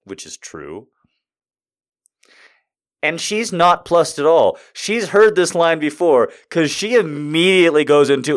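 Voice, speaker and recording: A man's voice: a little high, big pitch swings, measured pace. A man doing stand-up, telling a story with profanity and exasperation and acting out the people in it. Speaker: stand-up comedian.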